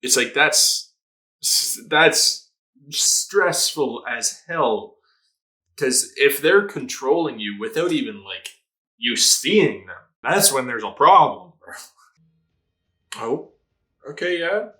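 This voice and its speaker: A man hosting a casual anime reaction, talking in an excitable, slangy way and swearing freely. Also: medium pitch, takes it slowly, long pauses. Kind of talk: casual live reaction commentary.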